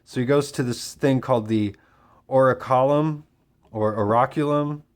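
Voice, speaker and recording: A man casually summarizing and reviewing a comic book issue, talking with frequent fillers and pauses. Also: medium pitch. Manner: relaxed, hesitant with fillers.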